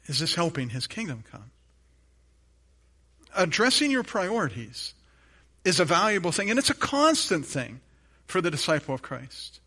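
A man's voice: a little high, wildly swooping pitch, a little slow, long pauses, bright, forceful tone. A man preaching a sermon as pastor, emphatic, building on repeated phrases, with light humorous asides to his congregation.

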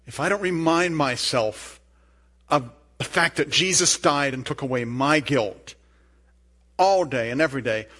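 A man preaching a sermon, earnest and emphatic, with rising bursts and soft asides. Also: medium pitch. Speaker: pastor.

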